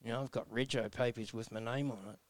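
A man's voice: medium pitch, steady tone, quick pace, no room sound. Blunt Australian man in his sixties. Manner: blunt, earnest, folksy with mild self-mocking humor. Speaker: guest. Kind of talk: personal storytelling interview.

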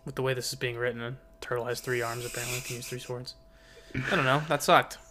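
A young man with a mid-range voice trades dry, sarcastic remarks as a comedy podcast co-host. He speaks into a studio mic with a pop filter, in a deadpan, offhand way. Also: mid-range voice, fast talker, crowd noise. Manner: dry, sarcastic comments on the text.

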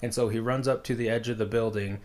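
A man's voice: medium pitch, steady tone, quick pace, a little mellow. A man casually retelling a story as a podcast co-host, rambling with lots of fillers.

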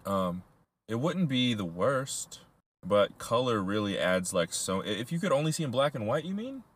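A man's voice: mid-range voice, big pitch swings, moderate pace. A young man co-hosting a casual podcast chat, rambling through his answers with frequent laughs and casual swearing. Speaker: podcast co-host.

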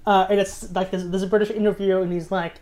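A man's voice: high-pitched, quick pace. Wry man reading out film nominees. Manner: wry, deadpan jokes, reads out lists. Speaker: podcast host. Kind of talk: casual film podcast chat.

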